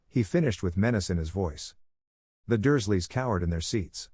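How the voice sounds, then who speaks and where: Husky low-voiced male narrator. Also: lively intonation, normal speed, a little mellow, dry recording, studio quality. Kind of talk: storybook narration of fan fiction.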